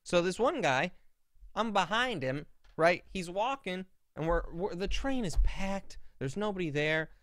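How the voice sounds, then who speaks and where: A podcast co-host with a high, unhurried voice, recorded dry. Chatting casually, he tells stories with animated indignation and acts out what people said.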